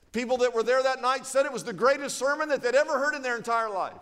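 A preacher with a notably high voice tells a story from the pulpit, stacking phrase on phrase as he builds. He is winded and pushes on with emphatic drive. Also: quick pace, few pauses, a bit bright, smooth. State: out of breath. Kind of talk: sermon storytelling.

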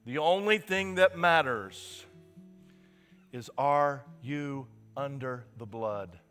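A man's voice: mid-range voice, slow pace, clean tone. A male pastor preaching a sermon with passion, stressing his points by repeating words. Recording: reverberant hall with soft guitar.

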